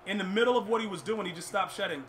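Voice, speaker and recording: A man's voice: high voice, rapid-fire, fairly bright tone, low-quality recording. A young man commentating his own football video game match, ranting in frustration and stumbling over his words. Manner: frustrated, ranting, stammering restarts. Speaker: gaming streamer. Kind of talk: live gameplay commentary. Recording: clear background noise.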